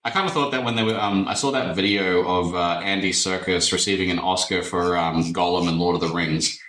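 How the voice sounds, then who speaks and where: A man's voice: deep voice, steady tone, a little fast, a bit bright. A man chatting casually, swearing freely and laughing at himself. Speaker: podcast guest. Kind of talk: casual chat. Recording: echoey room, off mic.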